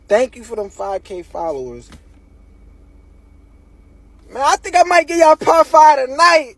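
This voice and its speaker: A man tells his story in slangy, profane everyday talk. His voice sits high, and the recording is close and dry with no room sound. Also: measured pace, pauses often, no room sound. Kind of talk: casual storytime narration.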